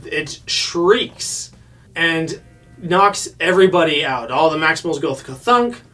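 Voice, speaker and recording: A man's voice: a little high, lively intonation, takes it slowly, pushed and bright. A man jokingly recaps a cartoon episode in a loose, chatty way, now and then putting on goofy voices. He sounds a little distant from the microphone. Faint music sits underneath. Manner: jokey, does silly character voices while retelling. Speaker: podcast co-host reviewing a cartoon. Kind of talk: casual comedic recap chat.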